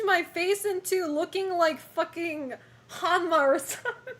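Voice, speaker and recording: A woman's voice: very high voice, a little slow, fairly bright tone. A woman streaming live, chatting casually with her viewers, giggling often and swearing now and then. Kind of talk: casual livestream chat.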